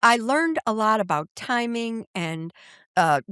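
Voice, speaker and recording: An older woman, an author and comedian, telling stories as a podcast guest in an animated, comic way and acting out the voices. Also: fairly high pitch, unhurried, smooth, no echo, clean studio sound. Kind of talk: storytelling in a podcast interview. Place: podcast studio.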